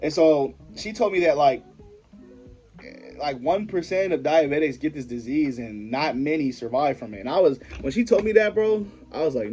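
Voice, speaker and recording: A man's voice: fairly high pitch, lively intonation, normal speed, warm tone, lo-fi sound, soft background music. A young man vlogger telling a personal story in a rambling, profane, slangy way, often stopping and restarting his sentences. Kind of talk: casual storytelling to camera.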